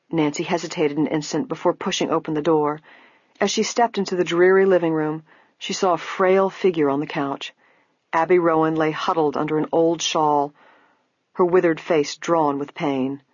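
A woman narrating a book in a measured, even way, her voice husky and mid-pitched. The recording is dry and close, with a dull, lo-fi sound. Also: dry recording. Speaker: audiobook narrator. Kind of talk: scripted narration.

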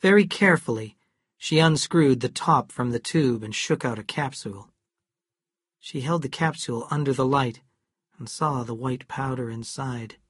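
A narrator reading a novel aloud in a steady, measured storytelling manner. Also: medium pitch, slightly rough, no room sound, studio quality. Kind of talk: scripted audiobook narration.

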